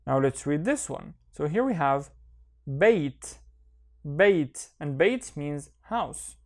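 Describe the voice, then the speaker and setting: A man teaching a reading lesson online, speaking slowly and patiently, and repeating each sound twice so learners can follow. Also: on the high side, big pitch swings, creaky. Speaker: Arabic teacher.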